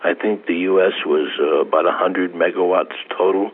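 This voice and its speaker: A male business guest giving measured, halting explanations over a phone line. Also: low-pitched, fairly even intonation, breathy edge. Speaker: company executive guest. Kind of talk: interview answers.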